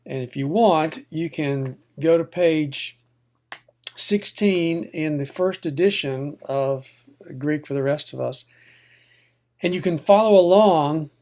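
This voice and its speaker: A man teaching Greek pronunciation to a class, sounding out each word slowly and deliberately. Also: on the high side, darkish tone. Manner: slow, deliberate, sounds out words syllable by syllable. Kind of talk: recorded Greek pronunciation lesson.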